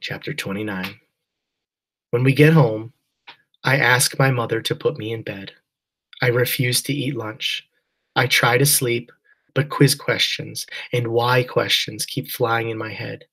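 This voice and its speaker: Husky male narrator, mid pitch, quiet mournful first-person reading. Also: fairly even intonation, unhurried, low-quality recording. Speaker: audiobook narrator.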